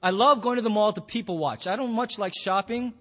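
A man's voice: high-pitched, fairly quick, sharp tone. A man preaching as a pastor in a church hall, telling a story with playful acted-out quotes. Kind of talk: sermon.

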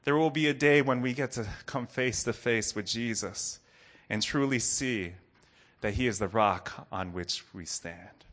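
A man preaching a sermon to a congregation, earnest, dropping to soft low lines and rising to loud ones. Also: measured pace. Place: room with a congregation.

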